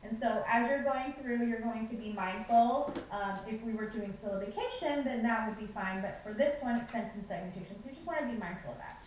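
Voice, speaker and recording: A woman's voice: a little high, fairly quick, few pauses. A woman presenting a preschool curriculum to teachers, explaining steps and modeling how to speak to a class. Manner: modeling lines in a bright teacher voice. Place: school library. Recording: echoey room, distant mic, faint noise.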